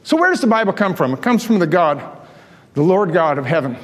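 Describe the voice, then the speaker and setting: A man with a high voice preaches with fervor, pressing his congregation with rhetorical questions. His words ring out with a long reverb in a large church hall. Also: big pitch swings, brisk. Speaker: pastor. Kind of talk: sermon.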